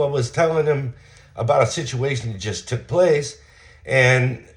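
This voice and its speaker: A man's voice: fairly low pitch, fairly bright tone. A man telling a story about a run-in, in a casual, aggrieved way. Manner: aggrieved, recounting an incident and acting out both sides. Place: small town.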